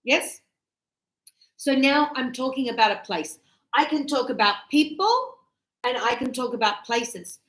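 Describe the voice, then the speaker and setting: A woman's voice: sits high, expressive, unhurried, a bit bright, echoey room, rough recording. A woman teaching English grammar, patiently explaining with repeated examples and frequent check-ins. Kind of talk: slow classroom explanation.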